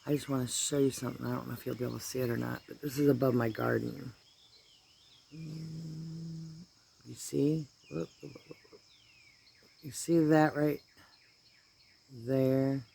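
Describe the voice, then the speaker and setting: A man's voice: medium pitch, steady tone, a little slow, creaky, long pauses, warm tone, husky. A man with an allergy-stuffed voice chatting casually and rambling while filming outdoors in his garden on a phone. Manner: rambling, easygoing, drifts into asides. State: congested from allergies. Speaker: vlogger. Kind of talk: casual chat.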